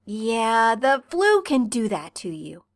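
A woman voicing a gentle, caring young man in a storybook reading, speaking softly and soothingly. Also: a little high, very animated, slow pace, dry recording, studio quality, full character voice. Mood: tender. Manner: soft, soothing.

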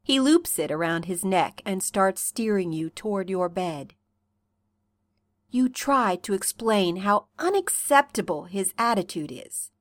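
Woman narrating a story, unhurried, soft, lively pitch, dry close sound. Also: no echo. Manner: slow, soft second-person narration. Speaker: reader. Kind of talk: reading fan fiction aloud.

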